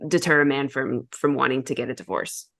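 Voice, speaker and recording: A woman hosting a conversational interview, animated and enthusiastic, with many fillers. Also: very deep voice, fairly quick, vocal fry. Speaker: podcast host.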